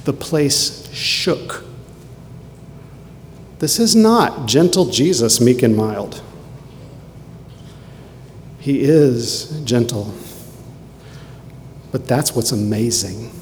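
A man's voice: medium pitch, darkish tone. Fervent male preacher in reverberant hall. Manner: fervent, emphatic preaching with dramatic repetition. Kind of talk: sermon. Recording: long hall reverb, faint noise.

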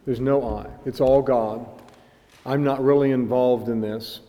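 A man delivers a sermon in a mellow, dark-toned voice. He is earnest and rises to loud, emphatic stresses as he reads and quotes. His voice rings with the long reverb of a large hall. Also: mid-range voice, fairly even intonation, a little slow. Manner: earnest, builds to loud emphatic peaks when reading and quoting. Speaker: preacher. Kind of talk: sermon with read-aloud passages.

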